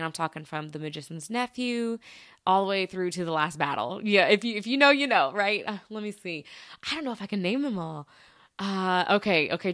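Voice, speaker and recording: A woman hosts her own podcast alone, chatting casually and rambling from one thought to the next. She laughs easily and keeps calling her listeners "y'all." Her voice sits a bit low, recorded close and dry with no room sound. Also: a bit bright, no room sound. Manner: addresses listeners as "you guys" and "y'all". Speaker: podcast host. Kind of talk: casual solo podcast chat.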